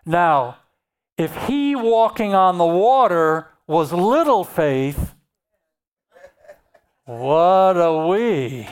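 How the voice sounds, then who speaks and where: A preacher delivers a sermon at an unhurried, measured pace. Passages of scripture are read aloud and then unpacked, with key phrases repeated for weight. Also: medium pitch, animated, clean tone.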